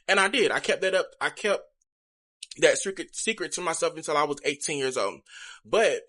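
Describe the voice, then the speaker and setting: A man's voice: a little high, expressive, normal speed, pushed and bright. A young man talking to viewers in a candid, chatty confessional vlog. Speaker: vlogger.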